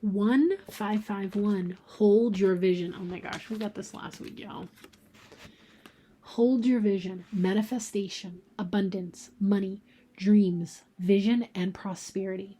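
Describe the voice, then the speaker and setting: A woman giving a casual tarot card reading, talking informally and reading card messages aloud, often slipping into a soft half-whisper. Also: medium pitch, fairly even intonation, takes it slowly, slightly rough. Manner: reads card messages aloud, thinking out loud.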